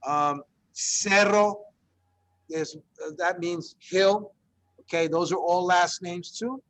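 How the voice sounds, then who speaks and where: A man's voice: sits high, fairly even intonation, measured pace, low-quality recording. A man teaching a Spanish class, encouraging students and drilling pronunciation through repetition. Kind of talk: classroom language lesson.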